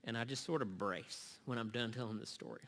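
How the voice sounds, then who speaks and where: A man's voice: medium pitch, fairly bright tone. Earnest middle-aged man preaching in a hall. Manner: earnest, halting storyteller with many restarts. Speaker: speaker at a church summer series. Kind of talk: storytelling sermon talk. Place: church hall. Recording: long reverb of a large hall.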